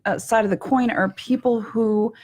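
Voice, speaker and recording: A woman, a professional cuddlist, calmly and earnestly explaining as an interview guest. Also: on the high side, normal speed.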